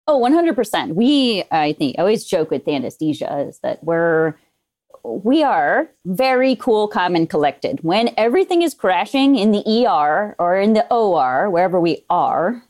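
A woman's voice: fairly low pitch, big pitch swings, moderate pace, few pauses, a little mellow. A woman guest on a podcast, a veterinary anesthesia technician, talking in an upbeat, chatty way. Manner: upbeat, laughing easily, chatty. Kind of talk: casual podcast interview.

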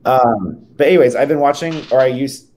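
A young man co-hosting a podcast chats casually in a mid-range, darkish voice at a fairly quick pace. He rambles, using lots of fillers and starting sentences over.

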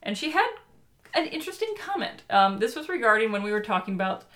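A woman's voice: a little high, fast talker. A woman co-hosting a podcast, chatting casually and emphatically about children's books. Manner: animated, emphatic. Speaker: podcast co-host. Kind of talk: casual chat reviewing books.

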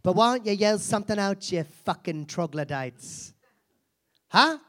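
A man's voice: high-pitched, expressive, a little slow, a bit bright. A man playing a crude, foul-mouthed lady self-help guru. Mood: brash. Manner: crude, mocking, insulting the audience. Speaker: comedian performing a character. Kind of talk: live stand-up character act.

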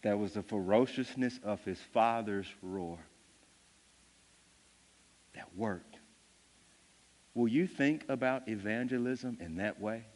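A man preaching a sermon, with animated, emphatic delivery that builds to loud peaks. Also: lowish voice, takes it slowly, pauses often. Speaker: pastor. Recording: long reverb of a large hall.

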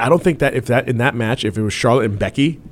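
A man hosts a casual chat show about wrestling, talking loosely, stumbling into restarts and laughing often. His mid-range voice has lively intonation and a quick pace, with a little hiss or hum.

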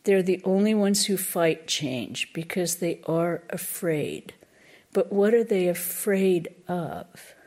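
A woman's voice: fairly low pitch, expressive, slow pace, a little mellow. A woman giving a reflective spiritual talk as a lecturer, thoughtful and searching for words as she goes.

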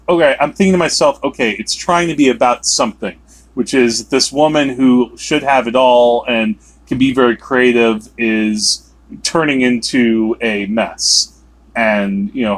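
A man co-hosting a movie review podcast, talking in a rambling, animated way with sudden emphatic outbursts. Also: mid-range voice. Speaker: podcast co-host. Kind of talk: casual movie review chat.

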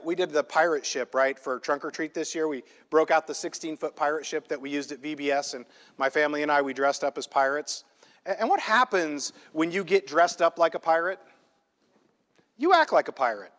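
A male pastor preaching a sermon in a church, emphatic and conversational, often checking in with a quick "right?". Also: a little high, animated, fairly bright tone. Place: church sanctuary. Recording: long hall reverb in a church.

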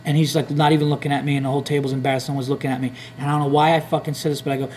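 A man's voice: on the high side, fairly even intonation, racing, slight background noise. A man hosting a podcast, telling a long profane story in casual chat and acting out other people's lines. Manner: rambling, profane, acts out hecklers' lines. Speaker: comedian podcast host.

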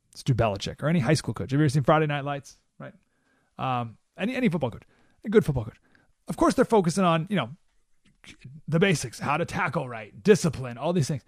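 A man hosting a talk radio show, delivering an animated monologue and acting out quoted voices with sudden jumps in pitch. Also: no room sound, studio quality.

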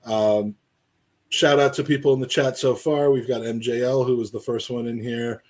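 A man's voice: medium pitch, steady tone, moderate pace, darkish tone. A man co-hosting a casual football podcast, rambling and joking as he reads out names from the live chat. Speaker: podcast co-host.

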